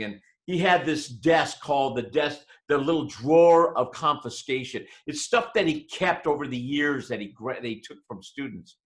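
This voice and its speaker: A man giving a motivational webinar talk, telling a personal story with dramatic swings between loud and hushed delivery. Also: fairly high pitch, normal speed, hardly any pauses. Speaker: motivational speaker. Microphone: webinar microphone.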